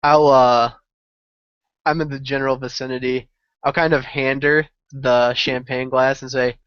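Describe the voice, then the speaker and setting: A man's voice: mid-range voice, flat delivery, a little slow, fairly bright tone, clear, resonant tone, no room sound. A man playing in a tabletop game, easygoing and drawling, on a dry muffled recording. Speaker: player.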